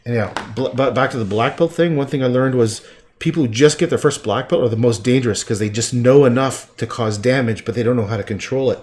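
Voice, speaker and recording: A middle-aged man from Canada chatting casually while painting, with rambling, profane asides that often trail off quietly. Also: medium pitch. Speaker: livestreaming painter.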